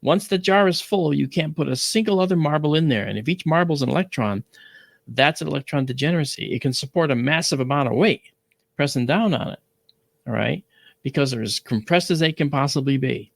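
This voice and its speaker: A man with a gravelly edge to his voice talks through a science topic at an easygoing pace. He keeps checking in with his listeners and reaches for everyday analogies. The sound is close and dry. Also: fairly high pitch, lively intonation, a little fast, no echo. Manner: explains with analogies, frequent "all right?" check-ins. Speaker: astronomy show host. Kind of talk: casual educational talk.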